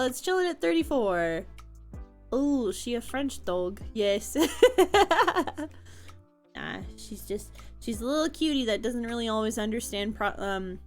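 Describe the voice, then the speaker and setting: A young woman streamer chatting casually with her chat from home, answering comments and laughing often. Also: medium pitch.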